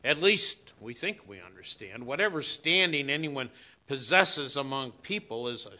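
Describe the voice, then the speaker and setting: A man preaching a sermon in a church, slow and emphatic, swinging between loud declarations and hushed asides. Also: mid-range voice, animated. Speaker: pastor.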